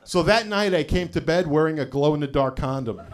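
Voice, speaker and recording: A middle-aged man doing a live stand-up set, telling stories in a loose conversational way with deadpan punchlines and lots of "you know" asides. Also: on the high side, brisk, noisy background. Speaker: stand-up comedian.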